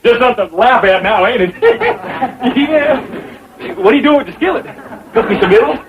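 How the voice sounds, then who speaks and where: A man's voice: very high-pitched, expressive, normal speed. An actor playing a dim, boastful young hillbilly man, eager and goofy in a 1960s sitcom. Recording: dull old TV audio, loud studio laughter.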